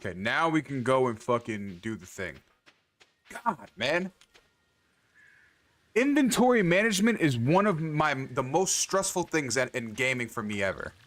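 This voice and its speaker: A man's voice: mid-range voice, expressive, moderate pace, a bit bright. A man livestreaming a farming game, rambling to himself and swearing often in casual commentary.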